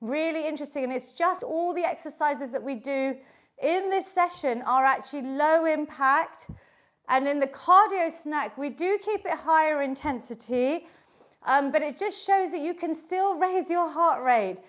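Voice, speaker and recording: A woman's voice: high-pitched, normal speed, fairly bright tone. A woman leading a live online exercise class as fitness instructor, upbeat and encouraging, counting reps aloud while she exercises along.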